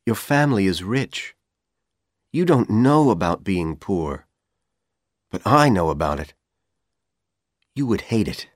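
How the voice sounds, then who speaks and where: A man reading an audiobook, voicing a handsome, scheming young college man who talks calmly and persuasively. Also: fairly low pitch, no room sound, clean studio sound. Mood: coaxing. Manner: calm, coaxing, persuasive.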